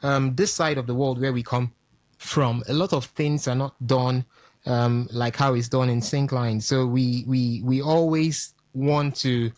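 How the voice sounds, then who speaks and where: A man's voice: mid-range voice, steady tone, measured pace, darkish tone, no echo. A man co-hosting a radio sports talk show, opinionated and full of ums as he argues his points. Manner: opinionated, hesitant with many ums.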